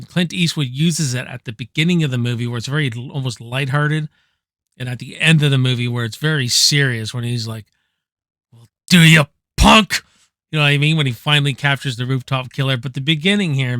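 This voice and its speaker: A man casually ranking favorite movies, rambling excitedly, swearing freely and tossing in "man" at every turn. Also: on the high side, dry recording, studio quality. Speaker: movie reviewer. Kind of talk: casual enthusiastic movie countdown.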